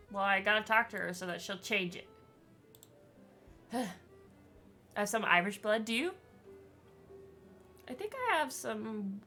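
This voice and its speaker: A woman's voice: mid-range voice, pushed and bright. Chatty woman streaming a game. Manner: chatty, rambling, laughs often. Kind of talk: casual chat while gaming.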